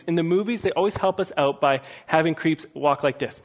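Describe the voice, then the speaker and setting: A man's voice: on the high side, a little fast, highs cut off. A man preaching a sermon in a casual, conversational way, now and then acting out quotes in funny voices. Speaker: pastor.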